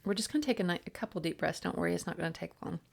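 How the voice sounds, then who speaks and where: A woman reading an oracle card and leading a casual guided breathing meditation, speaking softly and unhurriedly with frequent ums and restarts. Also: lowish voice, animated, very fast, vocal fry.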